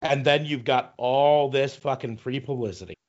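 Brief: swearing, ranting podcast co-host, mid-pitched man, muffled lo-fi audio. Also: a little mellow. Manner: profane, ranting, halting restarts. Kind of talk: casual wrestling chat.

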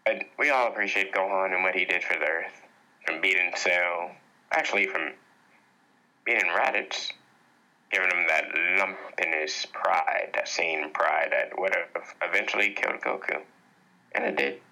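A man co-hosting a podcast in casual joking chat, rambling into absurd deadpan tangents. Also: sits low, moderate pace, creaky, rough recording. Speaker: podcast co-host.

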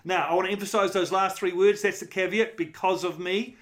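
A man's voice: sits high, level tone, quick pace, fairly bright tone. A middle-aged man, a pastor preaching a conversational, emphatic sermon with rhetorical questions.

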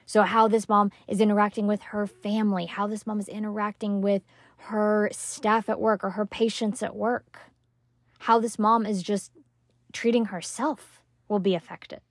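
A woman runs a motivational parenting-coach podcast on her own, speaking at a moderate pace in a mid-range voice with no echo. She's animated, emphatic and casual, swears now and then, and acts out what stressed moms say.

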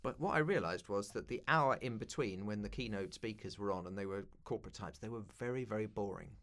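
Brief: London man, fifties, low-ish voice, wry self-deprecating storyteller in a chat interview. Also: brisk, fairly bright tone. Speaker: guest, broadcaster and keynote speaker.

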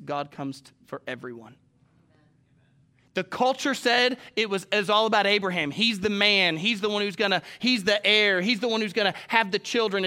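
A man preaching a sermon to a live congregation, animated and jumping up to loud exclamations and acted-out quotes. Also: high voice. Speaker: pastor. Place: church sanctuary with a live congregation.

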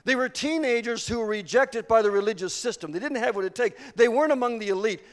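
A man preaching an earnest sermon, slowing down for emphasis and rising to fervor. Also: extremely high pitch, in a large hall. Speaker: pastor.

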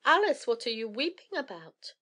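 A woman's voice: a little high, sing-song, normal speed, bright, forceful tone, heavily acted. Woman reader as the maid: simple, wondering. Storybook. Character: simple household maid, easily impressed.

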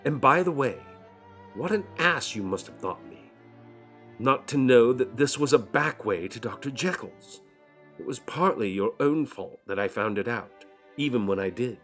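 A man doing a chatty gentleman. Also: mid-range voice, lively intonation, moderate pace, faint music behind. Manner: chatty, self-mocking.

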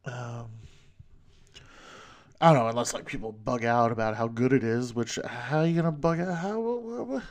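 A man's voice: medium pitch, normal speed. A man from New York rambling through a solo podcast monologue, joking at his own expense and swearing casually. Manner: rambling, self-deprecating, profane jokes. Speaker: podcast host.

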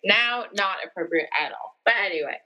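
A woman with a bright, sharp voice co-hosts a casual podcast chat. She is playful and jokey, teasing her co-host as she talks. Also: medium pitch, expressive, a little fast, rough recording. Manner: playful and jokey, laughs easily. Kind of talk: casual chat about a film.

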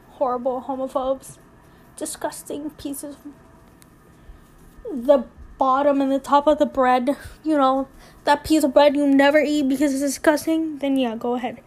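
A young woman hosting a casual solo podcast, rambling candidly with lots of fillers and getting emotional, close to tears. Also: high-pitched. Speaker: podcast host.

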